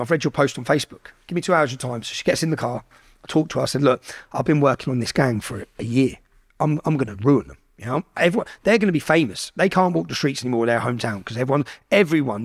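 Swearing man telling a story. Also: fairly high pitch. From England. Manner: heavy swearing, animated retelling with quoted dialogue. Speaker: podcast guest. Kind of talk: casual storytelling.

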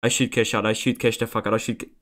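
A man's voice: lowish voice, little pitch movement, racing, a bit bright, a little hiss or hum. Agitated young man, swearing gameplay commentary. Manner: agitated, swearing, pleading repetitively. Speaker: gaming streamer. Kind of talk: casual commentary over gameplay.

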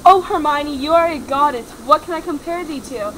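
A woman's voice: high voice, normal speed, background noise, close to an everyday voice. A woman playing a moody, jealous young male wizard making dramatic declarations. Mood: adoring. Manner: sulky, then flowery declarations.

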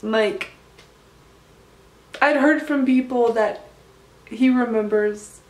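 A woman vlogger gushes casually to camera while telling a personal story, filling her talk with "like." Her fairly high voice is darkish and slow, with a roomy sound.

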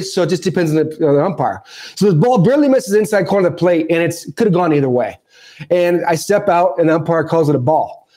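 A man in his forties, a former ballplayer guesting on a podcast, telling a story in an animated way and acting out the lines he quotes. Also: high voice. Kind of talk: storytelling interview.

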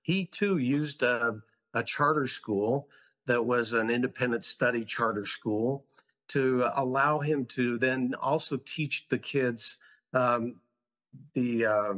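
A man's voice: mid-range voice, slow pace, a bit bright. Earnest, passionate man telling his story. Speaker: podcast guest, school founder. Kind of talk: conversational storytelling.

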